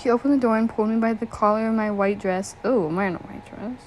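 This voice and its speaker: A woman's voice: fairly high pitch, fast, darkish tone, a little hiss or hum, low-quality recording. A young woman reading fan fiction aloud, often breaking off to giggle, react and joke. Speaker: story reader.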